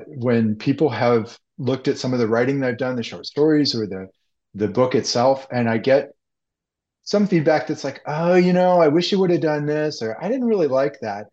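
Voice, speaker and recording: A man from the American Midwest talks about his writing as a podcast guest. He is calm and reflective, restarting a few words now and then, and the sound is dull and slightly lo-fi. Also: mid-range voice. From Ohio, US Midwest. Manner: measured and reflective, with small restarts. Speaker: author guest. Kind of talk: interview conversation.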